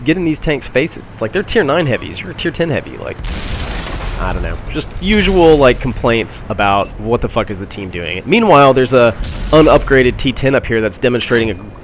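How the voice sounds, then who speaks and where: A man's voice: mid-range voice, sing-song, fairly quick, a little hiss or hum. A man giving a casual, wry voice-over commentary on a tank battle game, with many fillers. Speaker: gameplay commentator. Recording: gunfire and engine sounds behind.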